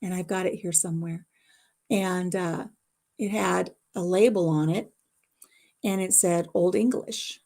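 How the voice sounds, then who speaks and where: Middle-aged woman with a gravelly voice. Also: fairly low pitch, fairly even intonation, measured pace, long pauses, warm tone. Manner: rambling, emotional personal storytelling. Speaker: livestream host. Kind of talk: casual storytelling chat. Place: her home.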